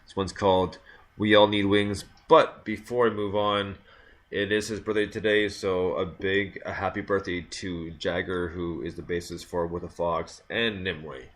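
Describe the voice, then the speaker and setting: Male radio host, low voice, casual chat, rambling, laughing. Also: steady tone, normal speed, fairly bright tone. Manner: rambling, laughing storyteller with many restarts.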